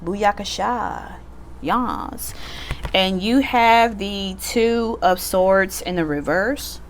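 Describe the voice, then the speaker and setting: A tarot reader gives a casual reading at home, sitting back in a computer chair, chatty and blunt, swearing freely and laughing often. Her medium-pitched voice draws out words, with slight background noise behind it.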